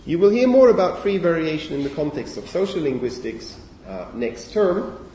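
A man's voice: on the high side, very animated, normal speed, warm tone, a little hiss or hum. A man giving a university lecture, thinking aloud with frequent okays and fillers and correcting himself as he goes. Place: lecture hall. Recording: echoey lecture hall recorded from far off.

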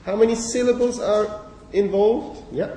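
Lecturer in an echoey hall, heard from afar. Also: male voice, high-pitched, fairly even intonation, a little slow, mellow, recorded from a distance, slight background noise. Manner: conversational, asks the class questions, frequent "okay?". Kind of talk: university lecture on phonology.

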